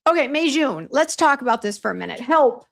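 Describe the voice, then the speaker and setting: A woman's voice: high-pitched, lively intonation, brisk, vocal fry. A woman chatting casually on a livestream, venting about a bad hair appointment while greeting viewers by name, with many fillers and restarts. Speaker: beauty brand owner hosting a livestream. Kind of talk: casual livestream chat reading viewer comments.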